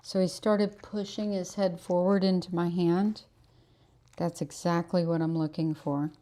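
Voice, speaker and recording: Woman dog groomer talking slow and mellow, explains stuff and keeps sweet-talking the dog. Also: fairly low pitch, flat delivery. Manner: coaxing praise to the dog between explanations. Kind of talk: instructional grooming demo.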